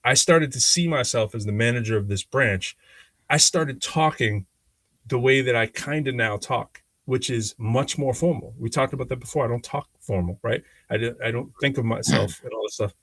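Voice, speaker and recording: A man co-hosting a podcast, telling stories in a casual, animated way, often acting out what other people said and laughing as he goes. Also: mid-range voice, normal speed, no echo. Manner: animated, acts out quoted voices, laughs often. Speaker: podcast co-host. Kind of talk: casual conversational storytelling.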